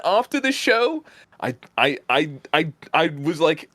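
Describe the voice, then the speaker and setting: British man, halting and laughing. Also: on the high side, big pitch swings, fairly bright tone, dry recording. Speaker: guest co-streamer. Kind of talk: casual chat on stream.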